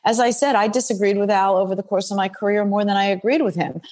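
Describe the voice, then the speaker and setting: A woman's voice: mid-range voice, fast, a little mellow. An older woman speaking bluntly and frankly as an interview guest, recounting her career in a forthright storytelling manner. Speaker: guest, former football executive. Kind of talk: interview conversation.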